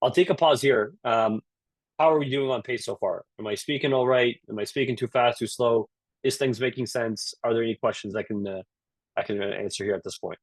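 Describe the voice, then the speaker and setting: A man with a Canadian accent giving a live online career talk, energetic and peppering his points with "right?". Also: mid-range voice, fairly quick, no echo. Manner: energetic, frequent "right?" tag questions. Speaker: career speaker at a virtual session.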